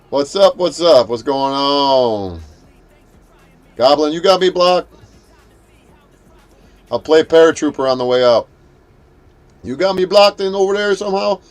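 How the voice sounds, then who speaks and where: A man's voice: fairly high pitch, expressive, slow pace, long pauses, soft background music. Profane, mocking male livestream host. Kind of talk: live stream chat rant.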